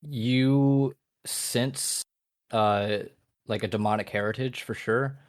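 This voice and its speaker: A man's voice: medium pitch, steady tone, slow. A man acting as game master, narrating a tabletop game in a rambling way with many fillers.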